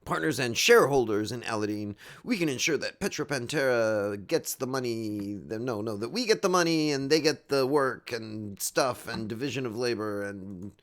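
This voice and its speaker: A man commentates his game live, riffing and joking as he goes. His voice sits at an ordinary mid pitch, and he reads the in-game text aloud with playful asides. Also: lively intonation, normal speed, hardly any pauses, fairly bright tone. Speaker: game streamer.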